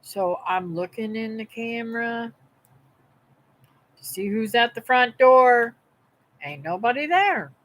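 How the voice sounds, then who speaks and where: A woman's voice: a little high, lively intonation, slow, long pauses, fairly bright tone, rough recording. A middle-aged woman, telling a rambling, folksy story to her livestream viewers from home. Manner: chatty, folksy, meandering. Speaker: homestead livestream host. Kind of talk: rambling live-stream storytelling.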